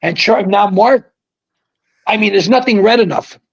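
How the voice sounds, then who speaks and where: Older guy, slightly high voice, spinning a wild salty story, very animated. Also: normal speed, creaky, breathy edge, lo-fi sound. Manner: animated, profane anecdote-telling. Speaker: guest, former pro bowler. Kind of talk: casual storytelling.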